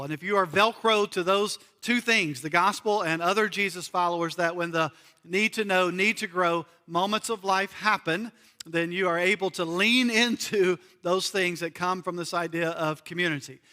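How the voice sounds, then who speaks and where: Male pastor from the US, high and bright voice, earnest sermon delivery with repeated key phrases, long hall reverb. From United States. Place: church sanctuary.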